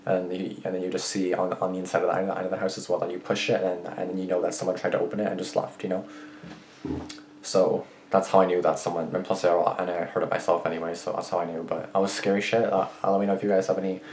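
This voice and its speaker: A man's voice: deep voice, completely flat delivery, fast, a little mellow, slight background noise. A young man vlogging, rambling through anecdotes with lots of restarts and swearing. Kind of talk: casual rambling storytelling. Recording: roomy echo.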